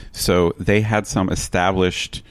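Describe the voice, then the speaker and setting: A man's voice: low voice, little pitch movement, takes it slowly, smooth, no room sound. A man co-hosting a podcast, chatting in an easygoing, agreeable way with frequent restarts. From expat living in Bangkok. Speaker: podcast co-host. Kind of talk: casual chat.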